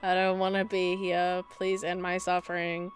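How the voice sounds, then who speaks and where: A woman voicing a bored, emotionless young woman survivor in a game, with a flat, robotic, deadpan delivery. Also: mid-range voice, slow pace, faint music behind, close to an everyday voice.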